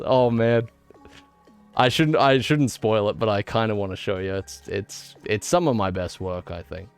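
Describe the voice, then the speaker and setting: Smooth-voiced excitable male streamer. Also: fairly low pitch, normal speed, faint music behind. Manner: excitable, laughs at his own jokes. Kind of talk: casual live-stream chat.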